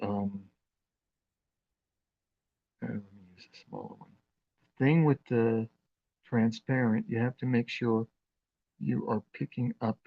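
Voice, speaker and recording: A man hosting a live craft demonstration, talking in an unhurried, chatty way with plenty of fillers as he works with his hands. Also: fairly low pitch, husky, highs cut off. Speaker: craft demo host.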